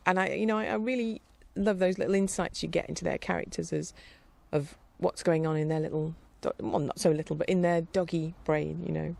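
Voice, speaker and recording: A middle-aged woman chatting casually in a rambling, warm-hearted way, with fillers and light laughter. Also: on the low side, fairly even intonation, brisk, creaky, hardly any pauses. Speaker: vlogger. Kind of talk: casual chat.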